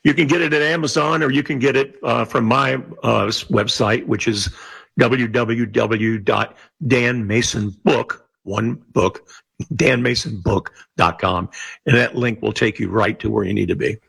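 A gravelly older man with a raspy, rough edge to his voice talks earnestly as a radio interview guest. He speaks plainly and repeats his points for emphasis. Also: medium pitch, fairly even intonation, unhurried, a bit bright. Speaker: radio guest, former network radio executive.

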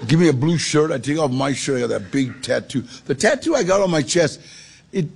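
A middle-aged man with a gravelly voice telling his life story in a street-casual, gritty way. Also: fairly high pitch, big pitch swings, a little fast. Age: 40s or older. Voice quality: gravelly, husky. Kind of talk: storytelling testimony.

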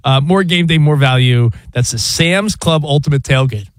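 A man co-hosting a sports radio show, talking in an excitable, teasing way in a studio. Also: a little high, normal speed, no room sound. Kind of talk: casual sports radio banter. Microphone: studio mic.

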